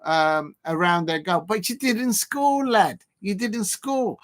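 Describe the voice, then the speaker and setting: High-pitched guy on a live fan stream, teasing rival fans, chanting bits and doing whiny noises. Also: a little slow. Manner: mocking, banter-heavy, chants and sings snippets. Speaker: fan channel host.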